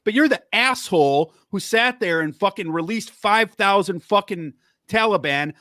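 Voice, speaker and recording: A man's voice: high voice, lively intonation, normal speed, bright, forceful tone, no room sound, studio quality. A man hosting a podcast, angrily ranting about politics and swearing heavily. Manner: angry, heavy swearing, worked up. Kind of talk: profane political rant.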